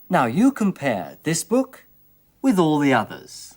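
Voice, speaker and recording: A man teaching English in a scripted 1980s television lesson, speaking clearly and deliberately through word drills. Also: on the high side, wildly swooping pitch. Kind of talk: slow, scripted language lesson. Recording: 1980s educational television recording.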